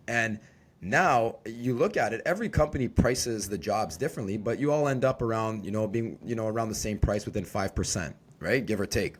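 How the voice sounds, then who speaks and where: A man's voice: lowish voice, fairly quick. A man in his forties who co-owns a construction company, talking bluntly and casually on a podcast, cursing freely. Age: 40s. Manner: blunt, swears freely, restarts words.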